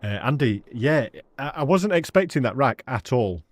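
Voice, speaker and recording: A man's voice: medium pitch, very animated, normal speed, dry recording. A man with an English accent chatting casually with viewers while live-streaming a hunting game, laughing often and calling people mate. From England. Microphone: studio dynamic microphone.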